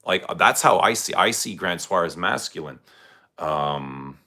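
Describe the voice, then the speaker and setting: A man's voice: low voice, lively intonation, measured pace, bright, forceful tone. A man hosting a casual fragrance livestream, rambling loosely and reacting to viewer comments. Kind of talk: casual livestream chat answering chat.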